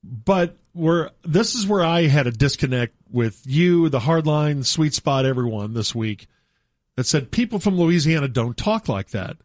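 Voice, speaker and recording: A man hosting a radio talk show, arguing his point in an animated, casual way. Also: fairly high pitch, measured pace, no room sound, clean studio sound. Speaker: radio sports talk host. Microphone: studio mic.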